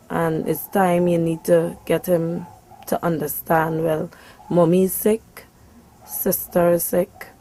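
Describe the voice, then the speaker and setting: A woman's voice: on the low side, dark tone, poor audio. A young woman with a Trinidadian accent, speaking as a mother in a documentary interview, telling her story in an earnest, heartfelt way. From Trinidad and Tobago.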